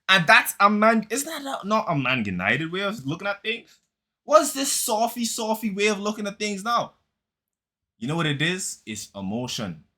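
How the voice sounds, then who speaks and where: A man's voice: sits high, sing-song, moderate pace, sharp tone. A man giving a heated, mocking football reaction commentary, using street slang and repeating lines for emphasis.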